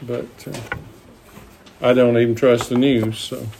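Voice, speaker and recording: Slow, deliberate Bible teacher, a man. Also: medium pitch, flat delivery, gravelly, a little mellow, slight background noise. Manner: slow, deliberate, with pauses and fillers. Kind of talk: Bible study lesson.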